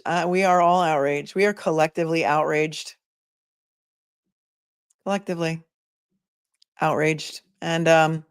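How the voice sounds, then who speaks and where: A woman's voice: on the low side, smooth, no echo, clean studio sound. A woman attorney hosting a casual livestream, chatting with viewers and thinking aloud with many asides. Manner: reads viewer messages aloud. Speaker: attorney and commentator.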